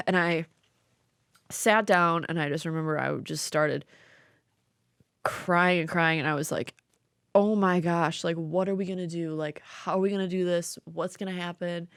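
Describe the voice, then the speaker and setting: Young woman, podcast co-host, casual rambling chat, frequent laughs, slightly low voice, dry close sound. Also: no room sound. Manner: chatty, laughs often, many fillers.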